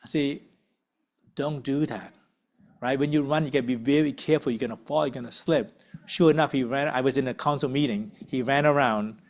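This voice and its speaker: A man leading a church parenting workshop in casual group discussion, conversational and always asking "right?". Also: mid-range voice. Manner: conversational, frequent tag questions. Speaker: uncle.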